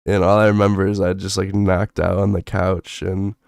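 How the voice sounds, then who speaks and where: A man's voice: deep voice, level tone, normal speed, vocal fry, darkish tone, no room sound, clean studio sound. A young man streaming, telling a rambling, profane story with lots of fillers in a laid-back way.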